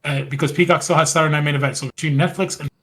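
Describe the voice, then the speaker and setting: A man's voice: on the high side, fairly even intonation, rapid-fire, a bit bright. Chatty man recapping at length. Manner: rambling, retells scenes with quoted lines. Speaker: podcast co-host. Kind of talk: casual wrestling recap chat.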